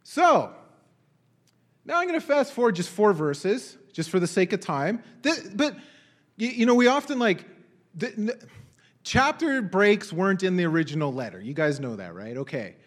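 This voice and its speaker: A man's voice: high voice, normal speed. A young man preaching a sermon, reading scripture aloud and exclaiming in wonder as he questions his listeners. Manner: animated, exclaims and asks the congregation questions.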